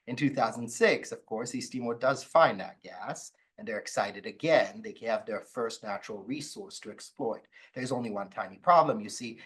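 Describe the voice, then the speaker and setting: A law professor giving an academic talk, telling stories with wry, playful asides. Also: male voice, medium pitch, low-quality recording. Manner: lively storytelling with wry asides. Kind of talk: academic lecture.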